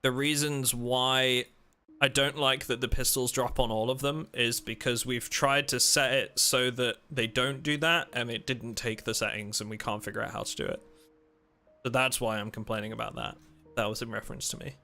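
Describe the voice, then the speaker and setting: A man hosting a live game stream in a very bright, sharp voice, pitched right in the middle of the male range. He rambles casually, restarting his sentences and joking with chat, with faint music playing behind him. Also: steady tone, normal speed.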